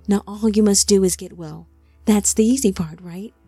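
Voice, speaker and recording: A hushed, tender old patriarch in an audiobook, grieving and gentle, as a woman reads him. The voice is mellow and dark, close and dry, with faint music under it. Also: medium pitch, normal speed, slightly rough, dry recording. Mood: tender grief.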